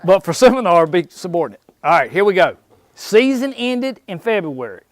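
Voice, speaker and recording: A man's voice: on the high side, sing-song, moderate pace. A man giving a folksy, jokey seminar in an indoor archery shop, quizzing the audience as he goes. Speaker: seminar speaker.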